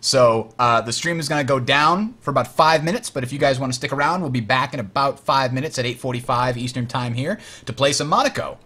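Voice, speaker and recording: A young man hosts a casual gaming show, relaxed, laughing often and talking with many fillers. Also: medium pitch, brisk, few pauses. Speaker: podcast and stream host.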